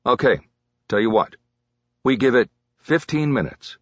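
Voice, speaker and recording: A man's voice: mid-range voice, lively intonation, a little slow, no room sound, highs cut off, pitched above the performer's own voice. A man doing a jittery chatty detective. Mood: pleading. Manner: restless, talks too much when keyed up. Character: jittery talkative male police detective.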